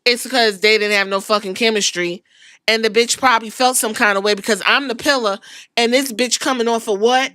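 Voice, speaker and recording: A woman hosting a podcast, ranting in casual commentary with an incredulous, profane, animated manner. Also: fairly high pitch, a little fast, smooth, no echo, clean studio sound. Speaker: podcast host.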